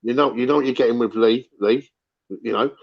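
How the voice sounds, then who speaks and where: A middle-aged man holds forth in casual fan-show chat, circling back and repeating himself, with the odd swear word. His mid-pitched voice arrives slightly dull over online call audio. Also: steady tone, brisk, creaky. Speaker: football fan panelist.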